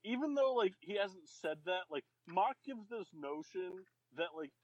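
A man's voice: sits high, animated, measured pace, no room sound, highs cut off. Joking man on a dry podcast mic. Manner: joking, teasing. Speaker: podcast co-host. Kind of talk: casual banter, mock draft chat.

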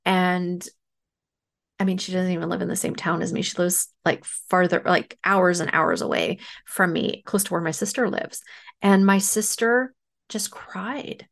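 A woman podcast host and medium telling a personal story in a casual, animated way, acting out the dialogue. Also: on the low side, measured pace, gravelly. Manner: animated retelling with acted-out dialogue.

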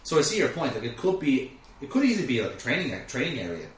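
Set back from the mic in an echoey room, a man hosting a podcast talks fast with big pitch swings around a medium pitch. He chats through an episode recap loosely, filling it with fillers and false starts.

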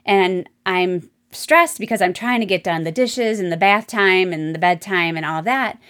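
Woman coaching wives on her podcast, chatty and lively, talks right to you. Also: lowish voice, normal speed, clean tone. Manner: chatty, animated, direct address to listeners. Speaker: marriage coach podcast host. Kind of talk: solo podcast advice talk.

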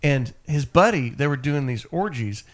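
A man's voice: mid-range voice, animated, normal speed. Joking, bawdy male radio host. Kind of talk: casual radio banter.

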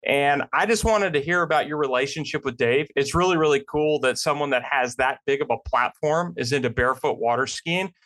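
A man hosts a podcast and puts questions to his guest. He sounds friendly and admiring, and his voice sits at an average pitch. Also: brisk, few pauses, a bit bright. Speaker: podcast host. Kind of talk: interview questions.

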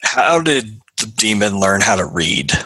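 A man's voice: fairly low pitch, very animated, a little slow, pushed and bright. A man co-hosting a podcast, casually asking curious questions. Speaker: podcast co-host. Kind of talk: casual chat.

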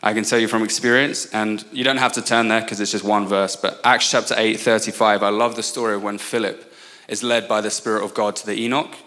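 A man in his twenties with an English accent, preaching as a guest speaker, earnest and prone to quick asides and restarts. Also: lowish voice, level tone, bright, forceful tone. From England. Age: 20s. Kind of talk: sermon.

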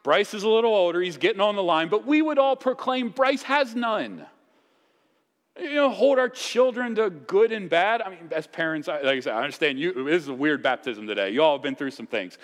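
Animated preaching man in a reverberant church. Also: sits high, a little fast. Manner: conversational preaching with sudden loud emphatic swells. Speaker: pastor. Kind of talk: sermon.

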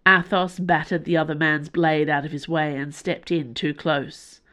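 A woman with a fairly low voice hosts her own podcast and reads a novel serial aloud. Her narration is measured and expressive. She records in a small room with a closed door. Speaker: podcast host and reader.

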